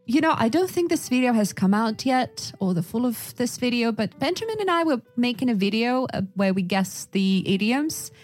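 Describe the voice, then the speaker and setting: A woman's voice: on the high side, animated, normal speed, hardly any pauses, a little mellow, no room sound. Playful woman. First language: Russian. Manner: playful, teasing. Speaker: podcast co-host. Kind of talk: casual podcast chat.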